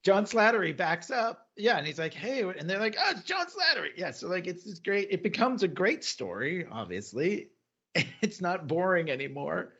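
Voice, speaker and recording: A man's voice: high voice, normal speed, slightly rough, highs cut off. A man co-hosting a podcast, casually recapping a TV episode, acting out quotes and laughing often. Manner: animated retelling, acts out quotes, laughs often. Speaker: podcast co-host.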